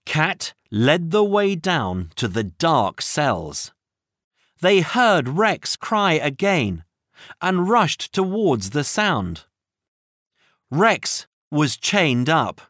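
A storybook narrator who reads very slowly and with great expression, the pitch rising and falling widely. The voice is recorded close, with no room sound at all. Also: very animated, fairly bright tone, no echo. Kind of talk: children's audiobook reading.

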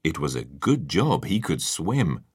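A man narrating a children's storybook in a lively, expressive way. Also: rumbling low, unhurried, breathy edge.

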